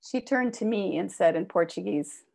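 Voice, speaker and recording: A woman author reading a personal memoir aloud with expressive delivery. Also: medium pitch, normal speed, vocal fry. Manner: expressive reading, raises voice for quoted shouts. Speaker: author reading her work.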